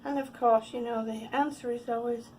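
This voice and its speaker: A woman in her fifties vlogs casually about her day at home, sounding out of breath, laughing often and cooing at her cats. Her voice is on the high side and a little mellow, with fairly even intonation at a normal speed. Slight background noise is audible.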